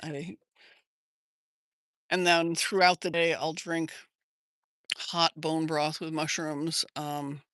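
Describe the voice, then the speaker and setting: A woman's voice: low-pitched, little pitch movement, slow, long pauses, a bit bright, no room sound, clean studio sound. An older woman with an American accent hosting a casual livestream from her yard, rambling and chatting as she answers viewer comments on a phone. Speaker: livestream host.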